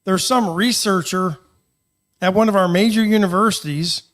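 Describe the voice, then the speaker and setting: A man co-hosting a talk radio show, chatting casually and getting animated, often restarting his sentences. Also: sits high, moderate pace.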